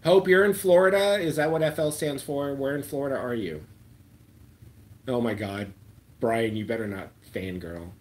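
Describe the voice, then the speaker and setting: A man's voice: mid-range voice, normal speed, darkish tone. A man chatting casually on a live stream and answering viewer comments, rambling with ums and letting his sentences trail off into a mumble. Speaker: slot-machine YouTuber hosting a live chat.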